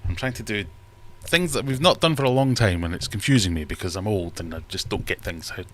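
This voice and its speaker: A man's voice: on the low side, a little fast. A man hosting a casual livestream from his fish room, rambling and self-deprecating as he reads chat aloud. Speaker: livestream host.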